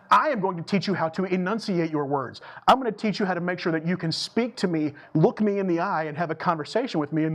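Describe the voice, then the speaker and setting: A man preaching a sermon to his church, emphatic and repetitive, moving between slow, deliberate lines and quick bursts. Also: high-pitched, expressive, a bit bright, lo-fi sound. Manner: emphatic, repeats phrases for stress, shifts between slow and fast delivery. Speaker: pastor. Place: church sanctuary.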